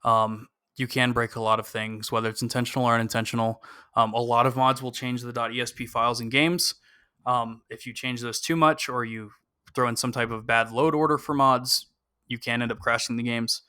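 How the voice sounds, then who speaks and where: Bright, clear-voiced man on a podcast. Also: mid-range voice, steady tone, a little fast, no room sound, clean studio sound. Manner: frequent "um" fillers, cautious and opinionated. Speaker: podcast co-host. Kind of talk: casual podcast discussion.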